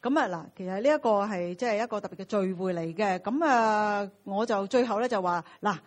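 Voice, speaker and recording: A woman interprets a sermon phrase by phrase, filling her pauses with small filler sounds. Her voice has an ordinary middle pitch.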